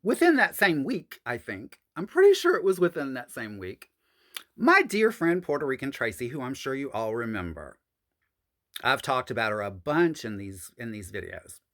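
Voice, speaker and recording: Animated storytelling man, swooping voice. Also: normal speed. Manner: animated, profane, addresses viewers as honey and y'all; jumps high in pitch for emphasis. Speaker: storyteller recounting own past. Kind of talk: casual storytime monologue.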